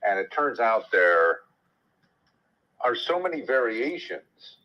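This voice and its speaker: A man's voice: medium pitch, sing-song, slow pace, highs cut off. A man who works as an actor, talking thoughtfully and explaining at length in a casual chat. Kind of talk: casual chat in an audio room.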